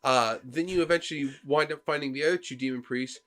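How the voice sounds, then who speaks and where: Animated man retelling game scenes. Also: a little high, fast talker. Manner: animated storyteller, acting out game characters' lines. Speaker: podcast co-host. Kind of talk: casual chat about video games.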